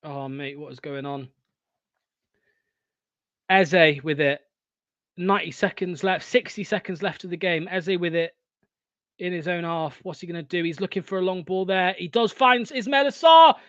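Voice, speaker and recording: A young man hosting a live football watchalong, swearing often and swinging from excited shouting to deflated muttering. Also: a little high, moderate pace, pauses often, clean tone, no room sound, lo-fi sound. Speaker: fan watchalong host.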